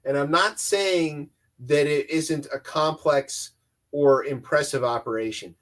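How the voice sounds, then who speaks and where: High-pitched guy riffing sarcastically on the news, loose rambly comedy chat. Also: unhurried. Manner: sarcastic, rambling, does mocking voices. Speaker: podcast co-host.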